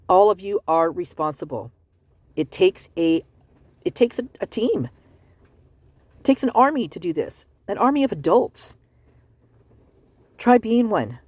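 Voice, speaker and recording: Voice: medium pitch, a little mellow, slightly rough, no echo. A vlogger giving heated, sarcastic commentary on news stories, ranting and calling people out. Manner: ranting, fired up, sarcastic asides. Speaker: true-crime commentary channel host. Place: at home, with outdoor work nearby.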